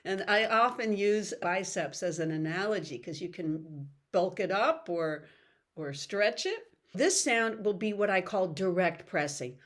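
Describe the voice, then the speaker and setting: A woman's voice: fairly low pitch, lively intonation, a little slow, fairly bright tone. A middle-aged woman voice coach giving an upbeat, explanatory online workshop lecture over a video call. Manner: upbeat, explanatory, breaks into sung demonstrations.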